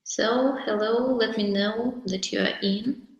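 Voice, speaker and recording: Woman, English teacher on a webinar, slow and hesitant, echoey room. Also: fairly high pitch, fairly even intonation, dull audio. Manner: hesitant, with many fillers and restarts; explains slowly, stressing key words. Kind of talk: online lesson.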